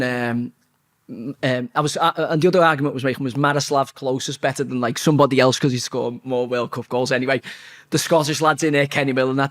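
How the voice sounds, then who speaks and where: A man, telling a football story in a blunt, sweary, animated way during a casual interview. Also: fairly high pitch.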